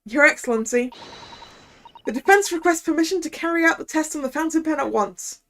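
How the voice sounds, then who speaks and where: A woman voicing a young male defense attorney who speaks in formal, measured courtroom language. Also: sits high, a bit bright, slight background noise. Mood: determined.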